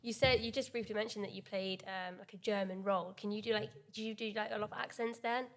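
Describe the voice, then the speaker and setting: A woman's voice: medium pitch, steady tone, fast talker. A woman hosting a podcast, asking friendly, encouraging questions in a casual chat. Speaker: podcast host.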